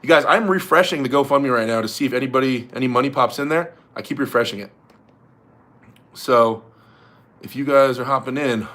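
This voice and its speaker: On his casual livestream, a young man works through viewer comments at an easygoing pace of mind but a fairly quick clip of speech, laughing frequently and swearing offhandedly. The voice sits mid-range and sounds a bit bright.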